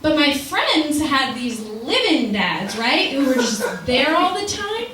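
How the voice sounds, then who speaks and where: High-voiced woman doing stand-up. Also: slow pace. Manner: chatty, self-deprecating, animated storytelling. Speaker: stand-up comedian. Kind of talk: stand-up comedy set. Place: small comedy club. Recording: echoey club from far off, audience noise. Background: audience laughter.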